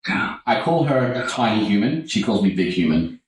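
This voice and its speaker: A man in casual chat, relaxed and jokey while he works. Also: lowish voice, moderate pace, distant mic. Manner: relaxed, chatty, jokey asides. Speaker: tattoo artist. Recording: echoey room, off-mic.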